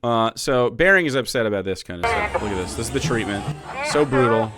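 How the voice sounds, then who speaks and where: A man's voice: medium pitch, animated, a little fast, over loud music. A man streaming live political commentary in a sarcastic, profane way, laughing often as he reacts to clips.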